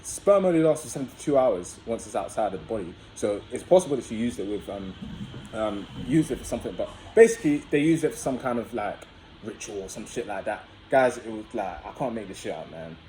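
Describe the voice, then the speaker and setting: A man's voice: lowish voice, animated, a little fast, mellow, slight background noise, poor audio. A young man vlogging, telling a personal story in a chatty, casual way and often addressing viewers as guys.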